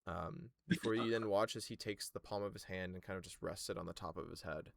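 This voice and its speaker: A man narrating a tabletop game as game master, halting and full of fillers. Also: low-pitched, vocal fry, slight background noise.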